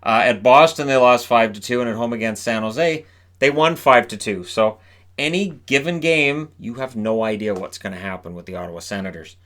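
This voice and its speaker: A man's voice: mid-range voice, moderate pace, fairly bright tone. A man previewing hockey games on his own channel, reeling off scores and stats in a chatty, offhand way with frequent asides. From Canada. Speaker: hockey commentator. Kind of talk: solo game preview talk.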